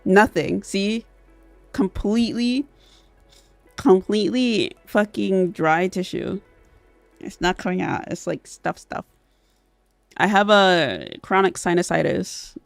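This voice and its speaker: A woman's voice: mid-range voice, slow, vocal fry, long pauses, no room sound, faint music behind. A woman streamer chatting casually with a stuffy, sniffly nose, laughing often and swearing freely. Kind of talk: casual livestream chat.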